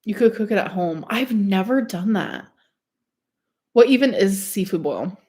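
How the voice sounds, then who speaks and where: A woman's voice: mid-range voice, animated, unhurried, warm tone. A young woman chatting casually on a livestream, gushing over food and reading the chat. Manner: chatty and gushing, says "like" a lot. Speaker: streamer reading live chat.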